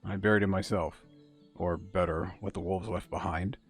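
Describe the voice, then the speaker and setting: A man voicing a gruff, blunt male village castellan with a gravelly voice, reading game dialogue aloud. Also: sits low, fairly even intonation, moderate pace, faint music behind. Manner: blunt, matter-of-fact.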